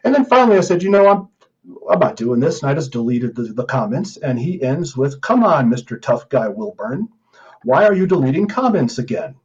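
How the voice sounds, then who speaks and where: A man's voice: mid-range voice, very animated, brisk, darkish tone, dull audio. A man hosting a podcast, talking in an indignant, emphatic way as he reads online comments aloud and answers them. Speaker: podcast host.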